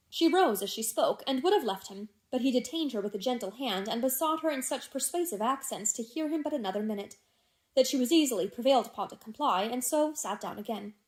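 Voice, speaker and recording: Audiobook narrator, woman, measured and expressive, a bit high-pitched. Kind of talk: reading a classic novel aloud.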